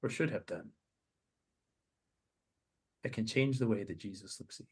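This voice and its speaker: A man hosting a podcast, leading listeners through a slow guided meditation with soft, hesitant restarts. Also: on the low side, husky. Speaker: podcast host.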